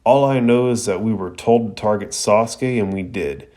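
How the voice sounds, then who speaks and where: A man reading the lines of a cold, serious teenage boy ninja rival in a low, measured voice. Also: darkish tone, close to an everyday voice. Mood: grave.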